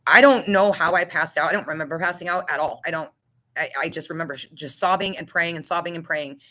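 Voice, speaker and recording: A woman sharing her recovery story in a raw, unpolished way, stumbling over words and cursing freely. Her voice has a bright, forceful edge that cuts through as she tells it. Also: lowish voice, a little fast, rough recording. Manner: emotional, candid, with restarts and swearing. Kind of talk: personal testimony.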